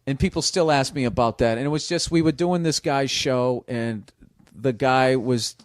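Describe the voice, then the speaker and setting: A man's voice: mid-range voice, moderate pace, dry recording. A man telling stories casually on a podcast, swearing freely and acting out what other people said. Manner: profane, animated, acts out other people's lines. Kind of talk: casual storytelling.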